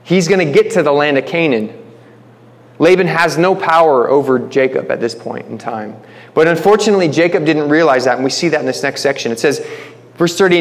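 A man's voice: on the high side, fairly quick. Casual preaching man in a reverberant hall. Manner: informal, restarts phrases, addresses listeners as guys. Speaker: Bible teacher. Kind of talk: conversational Bible-study sermon.

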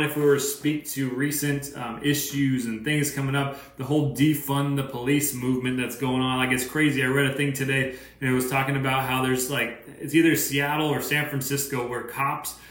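A man's voice: medium pitch, flat delivery, normal speed, fairly bright tone. A man giving a casual, conversational sermon as pastor, full of "right?" asides and fillers. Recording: echoey room.

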